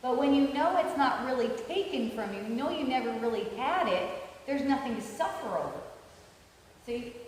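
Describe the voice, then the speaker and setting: A woman's voice: high-pitched, very animated, normal speed, a little hiss or hum. Rambling woman talking in an echoey hall. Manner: rambling, with frequent fillers and restarts; laughs often between points. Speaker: spiritual teacher. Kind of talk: casual spiritual talk with anecdotes. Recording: echoey hall with long reverb.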